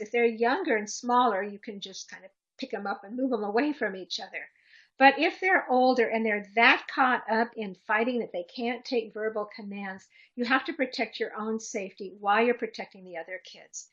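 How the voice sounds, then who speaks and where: Woman webinar presenter, bright and a bit high, dull lo-fi audio; practical, instructive delivery. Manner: practical, instructive, demonstrates commands aloud. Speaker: presenter answering questions. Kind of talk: webinar Q&A answer.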